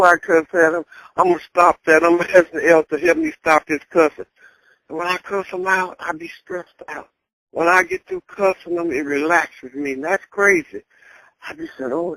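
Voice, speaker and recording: Older woman, plainspoken storyteller, gravelly voice, chuckles through it. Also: low-pitched, fairly bright tone, no echo, poor audio. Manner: blunt, candid, chuckling as she talks. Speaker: interviewee. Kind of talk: casual storytelling.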